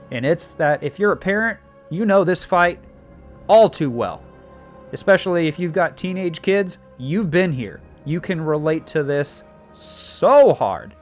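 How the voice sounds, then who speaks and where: A man telling a show's plot in a casual recap, animated, with many fillers and restarts, acting out the scenes. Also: a little high. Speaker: show recap host.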